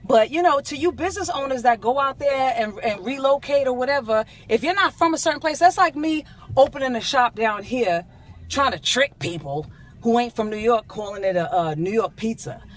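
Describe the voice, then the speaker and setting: Animated woman ranting from her car. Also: on the high side, brisk, slight background noise. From San Diego, California. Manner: animated, indignant, comic storytelling. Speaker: vlogger. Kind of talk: casual storytelling rant. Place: in a car, driving.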